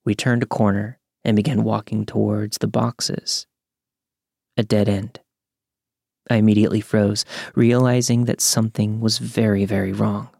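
In a calm, measured tone, a young man tells a true scary story. His voice is low and gravelly, captured in a close, dry recording.

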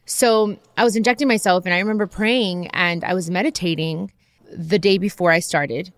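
In a dry, clean studio recording, a woman with a fairly low voice speaks at normal speed as she hosts her podcast. She shares a personal story openly, addressing listeners directly and voicing the people she quotes.

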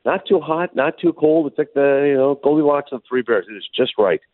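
A man co-hosting a radio chat from afar, rattling off his stories quickly with a lively, swooping pitch. His voice comes through a thin, phone-like line with no room sound at all. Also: dry recording. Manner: animated storyteller. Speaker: co-host. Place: remote, away from studio. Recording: tinny phone line, dry.

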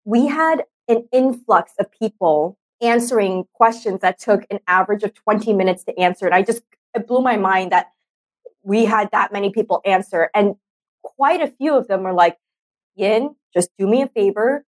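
A woman's voice: medium pitch, moderate pace. Woman host, sincere and thoughtful, easygoing conversational delivery. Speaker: podcast host. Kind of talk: casual chat.

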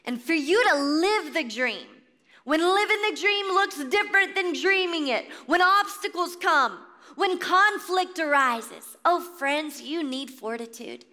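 A high-pitched woman delivers a fervent faith sermon, urging her listeners on and calling them friends. Her voice is bright and forceful, and a long hall reverb trails behind every phrase. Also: expressive, unhurried. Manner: exhorting, warmly addresses listeners as friends. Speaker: inspirational speaker at a faith event. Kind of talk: impassioned inspirational sermon.

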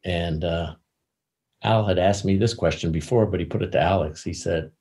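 An older man telling anecdotes as an interview guest, halting and repeating words as he searches for them. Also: deep voice, dark tone. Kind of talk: casual anecdotal storytelling.

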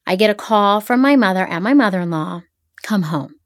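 A middle-aged woman from the Philadelphia area, a podcast guest, chatting casually and telling stories with quick asides. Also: medium pitch, clear, resonant tone, no echo, studio quality. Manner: animated storyteller, quick asides. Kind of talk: casual interview chat.

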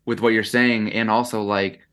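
A young adult man, a content creator appearing as a podcast guest, chats casually and reflectively, talking in bursts with lots of "like" and restarts. His voice is on the low side, flat in delivery, at a normal speed, a bit bright, with a clean tone.

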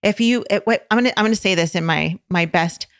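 A woman hosting a podcast in casual chat, from Southern California, chatty and quick to laugh, often restarting her sentences. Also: medium pitch, a bit bright. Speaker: podcast host.

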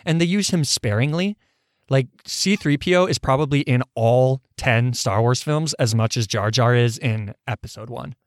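Male podcast host, casual and blunt, quick to laugh, dead-dry recording. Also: medium pitch, no room sound. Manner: blunt, laughing, crude banter.

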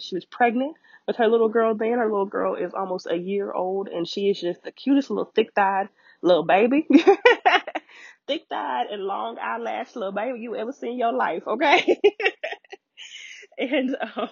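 A woman, hosting a podcast and telling a personal story in an animated way, acting out quoted voices and getting emotional. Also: slightly rough, dry recording, highs cut off. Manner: animated storyteller, acts out quoted voices with big pitch jumps, laughs often. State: emotional, near tears at times. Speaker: podcast host.

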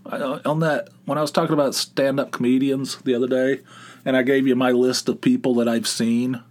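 A man's voice: mid-range voice, little pitch movement, fairly quick, a little mellow. A man hosting his own podcast, telling stories in a casual, rambling way. He interrupts himself often and laughs at his own tales. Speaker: podcast host. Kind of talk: casual solo storytelling.

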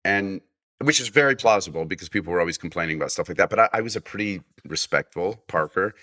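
A man telling a long personal story as a guest on a casual interview show. He acts out the voices in the story and often stops to restart his sentences. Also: deep voice. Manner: animated anecdote, acting out quoted voices; halting, with many restarts. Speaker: podcast guest.

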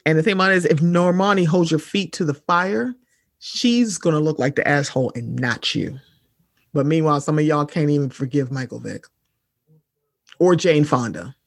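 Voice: mid-range voice, gravelly, no echo. Blunt, sarcastic podcast host, dry close mic. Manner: blunt, profane, sarcastic, addresses listeners as y'all. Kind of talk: casual pop-culture chat.

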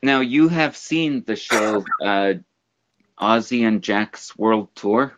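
A man's voice: on the low side, lively intonation, noisy background. A man hosting a podcast, telling stories in casual chat. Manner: storytelling, drawn-out. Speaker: podcast host. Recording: dull lo-fi sound.

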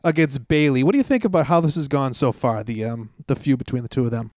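A man co-hosting a podcast in casual chat, brisk and keeping the conversation moving. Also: medium pitch, a little mellow, dry recording, clean studio sound. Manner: brisk, keeps the talk moving, laughs often. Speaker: wrestling podcast co-host.

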